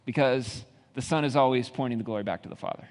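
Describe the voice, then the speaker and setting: A man's voice: medium pitch, fast talker, darkish tone, big-room sound. A man preaching a sermon, building intensity with rhetorical questions. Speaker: pastor.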